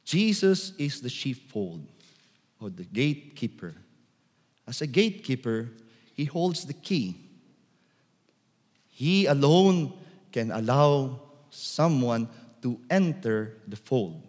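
A priest delivers a sermon at an unhurried, measured pace. Now and then his voice rises into loud calls. The sound carries a long reverb, as in a large church. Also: medium pitch, very animated. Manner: slow and deliberate, calling out loudly to act the shepherd.

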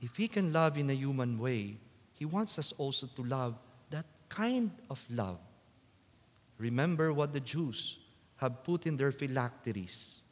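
A man preaching a sermon as a priest, slow and deliberate, rising to loud emphatic quotes. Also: mid-range voice, expressive. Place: church. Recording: long church reverb.

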